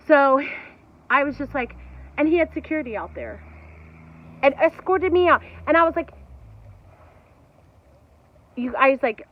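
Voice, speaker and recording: A woman, angrily recounting a personal story in a casual vlog, indignant and fiery, talking in quick bursts. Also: sits high, very animated. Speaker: channel host. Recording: dull lo-fi audio.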